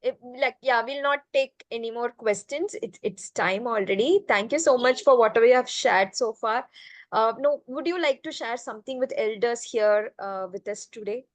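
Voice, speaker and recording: A woman's voice: fairly high pitch, normal speed, no echo. A woman hosting an online session, speaking politely and hesitantly with many fillers. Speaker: session host.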